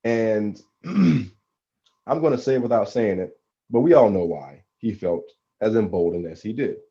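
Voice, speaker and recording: A man hosting a podcast, speaking deliberately with halting restarts in casual discussion. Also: fairly low pitch, expressive, dark tone. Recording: dull, muffled audio.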